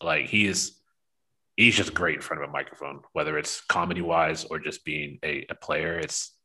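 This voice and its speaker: A man's voice: very deep voice, moderate pace, sharp tone, husky. A man co-hosting a podcast, talking sports in an enthusiastic, rambling way. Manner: enthusiastic, rambling, laughs a lot. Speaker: podcast co-host. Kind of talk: casual sports chat.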